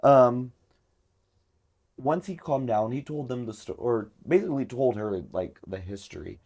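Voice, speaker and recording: A man's voice: medium pitch, animated, a little slow, darkish tone. A man hosting a podcast, telling a story in casual chat and filling it with lots of filler words. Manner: chatty, many filler words. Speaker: podcast host.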